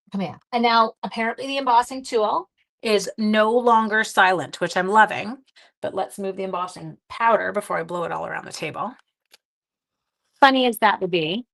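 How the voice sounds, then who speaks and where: A woman's voice: mid-range voice, fairly bright tone. A woman hosting a live craft demonstration. She chats casually and greets viewers while she works, often talking half to herself. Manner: chatty, greets and answers viewer comments while working. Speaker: craft livestream host. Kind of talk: casual live-stream card-making demonstration.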